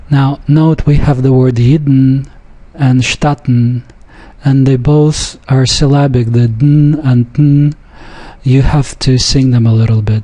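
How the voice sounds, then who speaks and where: Man, language teacher, slow deliberate delivery, mellow dark tone, repeats examples. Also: mid-range voice, steady tone. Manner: slow, methodical, repeats each example sentence. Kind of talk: pronunciation lesson.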